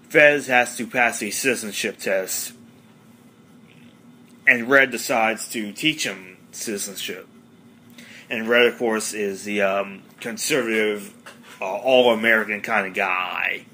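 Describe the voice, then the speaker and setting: A man's voice: fairly low pitch, measured pace, sharp tone. A man hosting a casual podcast monologue, rambling with many fillers. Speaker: podcast host.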